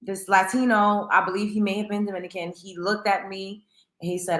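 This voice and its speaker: A woman chats with her livestream viewers. Her voice is bright and lively. The room around her has a noticeable echo. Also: medium pitch, fairly quick. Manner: chatty, greets viewers by name. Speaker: livestream host. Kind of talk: casual livestream chat.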